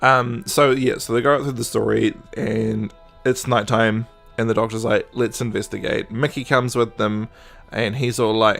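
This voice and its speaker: Man, casual podcast co-host, gravelly fan voice, animated retelling. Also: lowish voice, moderate pace, soft background music. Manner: excitable fan, acts out quotes in silly voices. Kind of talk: casual chat.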